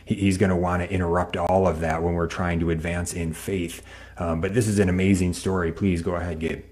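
A man hosting a faith talk show who speaks in a measured, explanatory way. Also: sits low, little pitch movement, a little mellow.

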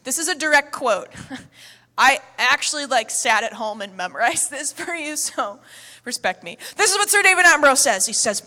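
Bright, high-voiced woman preaching in a hall. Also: moderate pace. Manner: energetic, humorous, emphatic storytelling. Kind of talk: sermon. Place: church hall. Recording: echoey hall.

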